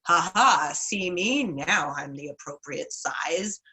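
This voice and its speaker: A woman's voice: on the low side, animated, slow pace, bright, forceful tone, breathy edge, exaggerated voice, poor audio. A woman voicing a boastful male spider trickster god who talks in a gleeful, show-off way while telling a folk tale. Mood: bragging.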